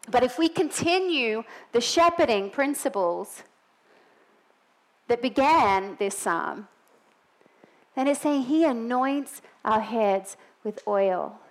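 A woman's voice: fairly high pitch, rough recording. A middle-aged woman with a non-American English accent, preaching a sermon in a church in a chatty way with joking asides.

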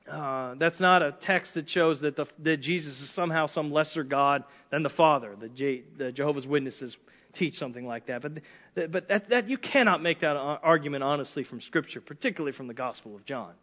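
A man's voice: fairly high pitch, a little fast. A man preaching an expository sermon, earnest, with frequent restarts and rising emphasis on key points. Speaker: pastor. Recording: dull lo-fi sound.

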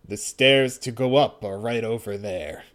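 A man voicing a huge, cold robot sergeant in a flat, robotic monotone, low and quiet. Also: unhurried. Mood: menacing.

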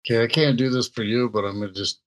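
A man's voice: mid-range voice, steady tone, fast, a bit bright. A man co-hosting a casual chat show, joking and laughing often between his remarks. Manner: jokey, laughs between lines. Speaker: co-host. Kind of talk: casual banter.

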